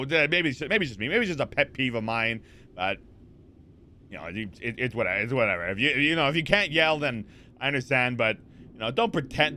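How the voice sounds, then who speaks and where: This home streamer chats loosely with viewers in a lively, rambling way, reading chat aloud and replying, stumbling through fillers, restarts, and repeats. He has a medium-pitched voice, sits close to a desk microphone, and there's slight background noise.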